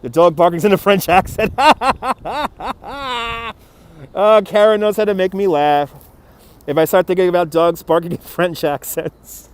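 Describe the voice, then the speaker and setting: New guy doing a live walking stream outside, bit of a higher voice, chatty, reads out comments, laughs a lot, phone mic. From New York City. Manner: chatty, greets viewers by name, laughs easily. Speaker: livestream host. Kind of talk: live walking-tour chat reading viewer comments. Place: outdoors on a city riverfront. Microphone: phone on a handheld gimbal.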